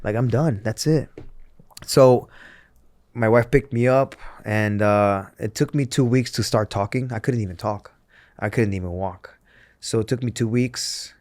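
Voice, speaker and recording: A man's voice: fairly low pitch, measured pace, darkish tone, dry recording. A man in his thirties, a former wrestler and interview guest, telling his story candidly with many fillers, restarts and acted-out quotes.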